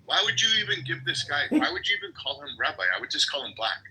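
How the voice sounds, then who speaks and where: Bright-voiced man issuing challenges. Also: fairly high pitch, wildly swooping pitch, quick pace, a little hiss or hum, poor audio. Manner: confrontational, challenging and mocking. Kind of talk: heated debate.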